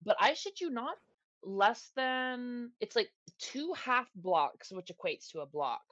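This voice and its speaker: A woman's voice: a little high, very animated, slow, fairly bright tone, no echo, dull audio. A woman guest on a podcast, chatting bluntly and casually and swearing freely.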